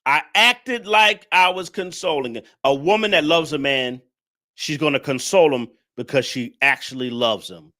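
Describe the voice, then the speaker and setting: A man's voice: fairly high pitch, normal speed, sharp tone. A man hosting a reaction commentary, lecturing viewers and repeating his points in a preachy way. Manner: addresses the audience directly. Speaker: commentary host.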